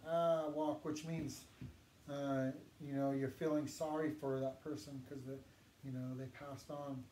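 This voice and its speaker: A man teaching a language lesson, patiently saying words slowly for learners to repeat. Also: mid-range voice, level tone, dark tone. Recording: echoey room with faint noise.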